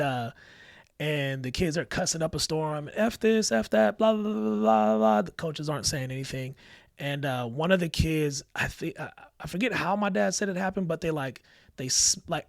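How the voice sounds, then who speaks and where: A man telling family stories on a podcast, animated and acting out the lines of the people he quotes. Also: fairly high pitch, moderate pace, dry recording, studio quality. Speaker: podcast guest. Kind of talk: casual storytelling chat.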